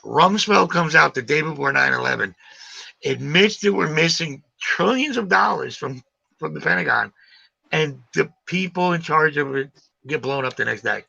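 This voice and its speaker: A man in his forties hosting a live stream, chatting in a rambling, animated way and swearing casually. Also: fairly high pitch, moderate pace, vocal fry, husky, no echo. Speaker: livestream host. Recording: dull lo-fi stream audio.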